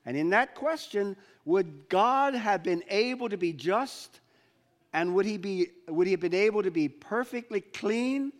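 A man with a notably high voice preaches a sermon in an earnest, searching way. He often stops and restarts his sentences as he works through a question before his congregation. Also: animated, a little slow. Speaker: pastor.

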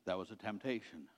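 A middle-aged man preaching a sermon as a pastor, earnestly repeating his points and letting them sink to a quiet finish. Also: fairly low pitch. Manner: earnest, repetitive exhortation, dropping quiet at ends of points. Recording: reverberant hall.

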